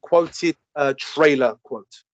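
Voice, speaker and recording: A man hosting a casual podcast quiz, reading out questions, with playful laughs and quick asides. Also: a little high, no echo, highs cut off. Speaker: podcast host, quizmaster.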